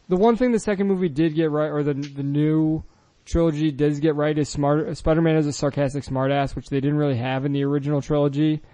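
Sarcastic man with a higher voice. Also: warm tone, dry recording. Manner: sarcastic, laughs often. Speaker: podcast co-host. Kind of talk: casual comedic chat.

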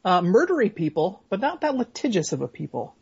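A man co-hosting a comedic podcast over a remote call, talking in a deadpan, dry way. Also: sits high, fairly quick, gravelly, slightly rough, lo-fi sound. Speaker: podcast co-host. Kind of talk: casual comedic podcast chat.

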